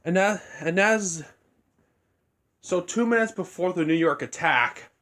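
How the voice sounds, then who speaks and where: A young video creator with a fairly high, slightly bright voice rambles through a fan scenario, speaking a little slowly. His delivery is loose and unscripted, with frequent sentence restarts and a casual tone.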